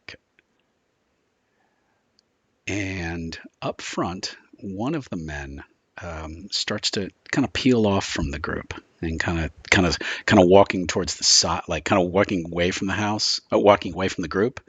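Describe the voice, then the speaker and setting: A man's voice: low voice, normal speed, fairly bright tone, breathy edge, no room sound. A man running a tabletop horror game as game master, describing scenes in a loose, rambling way full of filler words.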